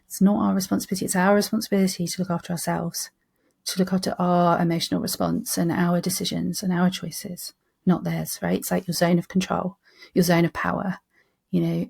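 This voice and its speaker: A woman doctor speaks as a podcast guest, her voice lowish with a gravelly fry. She talks earnestly and reflectively, stressing her points in lists. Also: a little mellow. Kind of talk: casual conversational interview.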